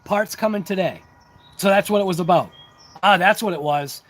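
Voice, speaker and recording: Man, high voice, rambling, talkative, self-deprecating, casual livestream host. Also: moderate pace, a bit bright. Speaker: RC hobby channel host.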